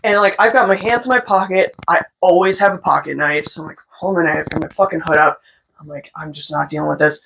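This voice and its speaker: A woman's voice: low voice, quick pace, vocal fry, slight background noise, low-quality recording. Young woman, tattoo artist, casual storytelling, swears a lot, mimics people. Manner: animated, swearing, mimics voices in her stories.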